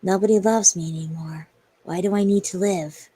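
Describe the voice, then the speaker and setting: A woman's voice: on the low side, steady tone, normal speed, warm tone, husky, no room sound. A woman voicing a distraught teenage girl who speaks in a crying tone. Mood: tearful despair. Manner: crying, pleading.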